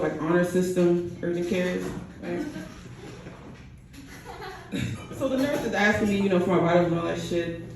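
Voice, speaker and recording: Deadpan woman doing stand-up in an echoey room. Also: fairly low pitch, a little hiss or hum. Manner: deadpan, tags jokes with "right?". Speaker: stand-up comedian. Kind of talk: stand-up comedy set. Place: bar stage in front of a crowd. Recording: echoey room, mic heard from a distance.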